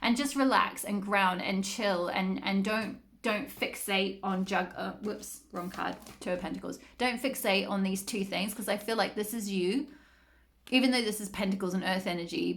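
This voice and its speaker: A woman's voice: medium pitch, normal speed, gravelly. A woman giving a casual tarot reading to her viewers, chatty and rambling, with lots of fillers. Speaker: tarot reader.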